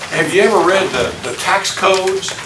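A man's voice: high voice, distant mic. An older man teaching an informal Bible class, folksy and chuckling, putting questions to the class. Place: classroom or church meeting room. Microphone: distant room mic. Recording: echoey room recorded from afar with background noise.

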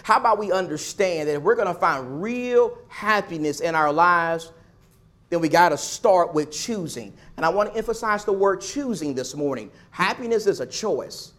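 High-voiced preacher building emphatic repetitions. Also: male voice, animated, moderate pace. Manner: swings between loud pushes and soft asides. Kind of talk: sermon.

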